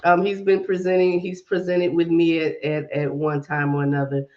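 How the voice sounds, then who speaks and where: A woman's voice: deep voice, level tone, normal speed, a little mellow, highs cut off. A woman with a mix of Southern drawl and Brooklyn accent hosting a casual livestream, greeting viewers by name and talking herself through tech fixes. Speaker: livestream host.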